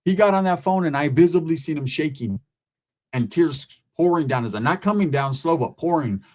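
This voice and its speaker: A man's voice: on the high side, animated, moderate pace, a little mellow. A man from California, telling a story in casual, street-slang style and often tagging his sentences with "right?". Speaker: host.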